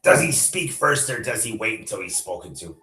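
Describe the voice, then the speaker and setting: A man's voice: on the low side, animated, a little fast, bright, forceful tone, pitched above the performer's own voice. A man voicing a suspicious male investigator who presses with questions, read aloud to a class. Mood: probing. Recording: echoey room.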